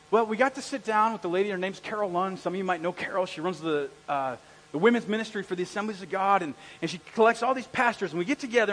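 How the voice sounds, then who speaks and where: Animated husky-voiced male pastor preaching. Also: sits high. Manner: animated storytelling, shouting quoted lines. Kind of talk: sermon. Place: church hall. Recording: echoey hall.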